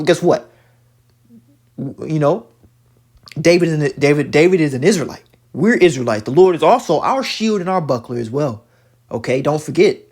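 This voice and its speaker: A man with a somewhat high, husky voice comments on a video he is watching. He preaches in an emphatic, repetitive way, full of profanity, and often stammers through restarts before landing his point. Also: darkish tone. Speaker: religious commentator reacting to a video.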